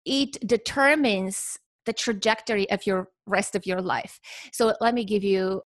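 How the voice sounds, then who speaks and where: A woman talking as a guest on a podcast, measured, explaining with examples and lists. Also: medium pitch, no echo.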